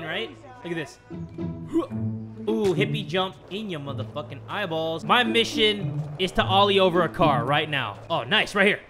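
A young man with a high, lively voice plays a skateboarding game and reacts loudly, swearing, laughing and shouting at every trick. His voice jumps sharply up and down from one moment to the next. Game music plays clearly behind him. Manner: excitable, swearing, yelling and laughing. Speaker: gaming YouTuber. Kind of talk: let's play commentary.

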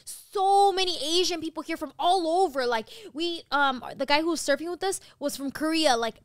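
A young woman co-hosting a podcast, chatting casually and gushing with animated enthusiasm, dropping the odd swear. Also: extremely high pitch, normal speed, no echo, studio quality. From United States. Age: young adult. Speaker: podcast co-host. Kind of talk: casual chat.

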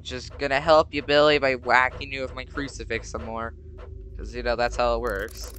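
A man's voice: medium pitch, level tone, moderate pace, slight background noise. Jumpy young man playing a horror game. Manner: jumpy, chatty, prone to sudden shouts. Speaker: gamer. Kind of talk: casual gameplay commentary.

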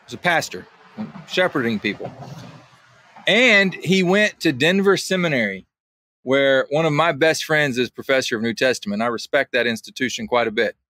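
A man on a podcast as a guest, telling a story in a lively way, acting out both sides of an exchange and laughing often. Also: on the high side, no echo. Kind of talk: casual podcast conversation.

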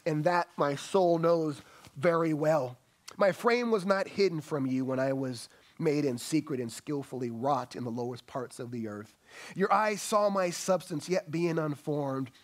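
A man preaching a sermon as pastor, swinging between loud emphatic bursts and soft hushed lines, asking the congregation questions. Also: a little high. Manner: addresses congregation as family, asks questions. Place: church sanctuary.

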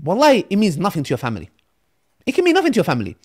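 A man, a podcast guest who tells lively stories and acts out the voices in them. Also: high voice, rapid-fire. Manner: animated storyteller, acts out quotes.

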